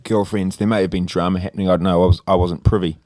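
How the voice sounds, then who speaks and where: A man's voice: low-pitched, level tone, fast talker, a little mellow, dry recording, clean studio sound. A young Australian man telling a long story in casual podcast chat, rambling, laughing and swearing freely. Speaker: podcast co-host.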